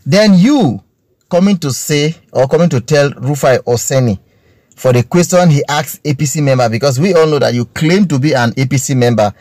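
A Nigerian-accented man with a somewhat high voice speaks straight to his viewers. He is earnest and preachy, drawing out key phrases and hammering his points home. The recording is close and dry, with no room echo. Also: normal speed, a little mellow. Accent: Nigerian English. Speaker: social commentator addressing his viewers. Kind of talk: impassioned monologue on current affairs.

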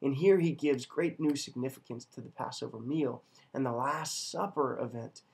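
A man giving a scripture lesson, emphatic and conversational, and he keeps tagging his points with a questioning "right?". His voice sits at an ordinary middle pitch and has a husky, slightly rough grain. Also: normal speed, darkish tone. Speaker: teacher. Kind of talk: catechism lecture.

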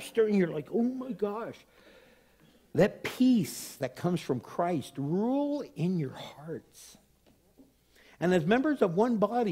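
Animated preacher, man with a higher voice. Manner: animated, acts out voices and jokes. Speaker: pastor. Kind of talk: sermon.

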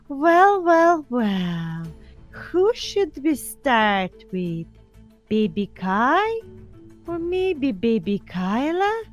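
A woman's voice: on the high side, full character voice. A woman voicing an unhinged, possessive young woman who stalks the man she loves, sliding from creeping menace into pleading, in a Minecraft role-play. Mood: creepy menacing.

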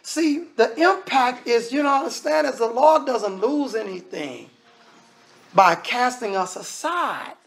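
A man's voice: very high voice, animated, a little slow, vocal fry, fairly bright tone. A man preaching a sermon in a conversational way, often acting out the voices of the people he quotes.

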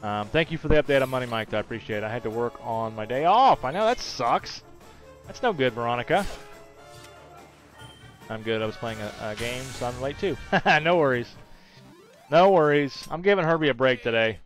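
A man's voice: medium pitch, lively intonation, a little fast, faint music behind, rough recording. A man hosting a casual gaming livestream, reading viewer comments aloud and bantering with his regulars by name. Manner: chatty, reads viewer comments aloud and answers them warmly by name. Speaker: livestream host. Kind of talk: casual live-stream chat while gaming.

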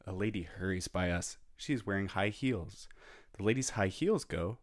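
A man with a fairly low voice reads a children's picture book aloud as a music teacher would. He voices the sounds in the story with his mouth between plain lines. The recording is dry and close. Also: moderate pace, no room sound. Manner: plain storybook reading that acts out sound effects. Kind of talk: children's read-aloud and activity.

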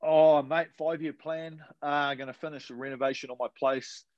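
A man's voice: on the high side, fairly even intonation, normal speed, a little mellow, dry recording, highs cut off. A man with a New Zealand accent, a podcast guest telling sports stories in a laid-back, slangy way with casual swearing. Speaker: podcast guest, retired rower. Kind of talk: casual storytelling chat.

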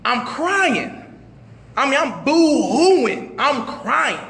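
A male minister tells his own story from the pulpit, animated and full of street slang. His voice sits very high and swings up and down. It rings through a mosque hall with a long reverb tail. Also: very slow, creaky. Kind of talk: testimony sermon.

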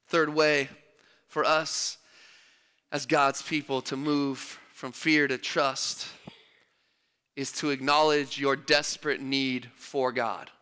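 In a church hall full of long reverb, a preacher delivers an emphatic sermon, repeating phrases to drive them home. His voice is a little high, bright, forceful, and clean in tone.

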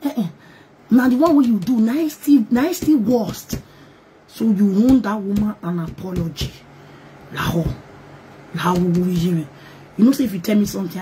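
A woman's voice: medium pitch, unhurried, mellow, a little hiss or hum, poor audio. Pleading Nigerian woman live vlogger. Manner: pleading, mixes English and pidgin with singing chant. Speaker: online gist host. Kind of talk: live video talk.

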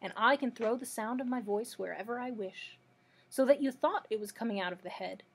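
A woman's voice: a little high, brisk, slightly rough. A woman voicing a timid little old man who pretends to be a great wizard, speaking meekly and trembling. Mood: explaining. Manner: trembling, pleading, meek. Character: blustering little old male humbug wizard.

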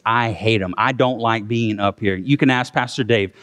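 A man's voice: on the low side, normal speed, few pauses, a bit bright, no room sound, in a large hall. A man preaching a sermon as a guest pastor from a church stage, in an earnest, heartfelt and conversational way.

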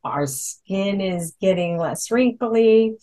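This is a casual chat set in Hawaii, where a woman product presenter tells stories slowly, with lots of ums and restarts. Her voice is medium-pitched with a dark tone, captured on a rough recording.

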